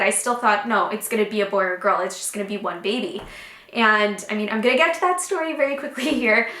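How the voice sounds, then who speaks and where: Young woman vlogging, chatty storytelling, bright slightly high voice. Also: reverberant. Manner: chatty, animated, many fillers and acted-out quotes. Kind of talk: casual storytelling to camera.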